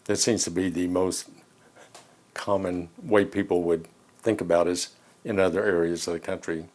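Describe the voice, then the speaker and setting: A man's voice: sits low, darkish tone. A man from Arkansas with an Arkansas Southern accent, telling an interview anecdote with dry, wry humor.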